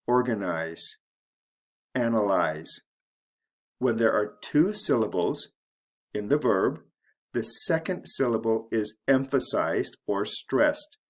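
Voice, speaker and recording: A man gives a scripted English grammar lesson at a very slow, deliberate pace. His voice sits slightly low, and he spells endings out letter by letter before saying each example word with careful stress. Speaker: English teacher.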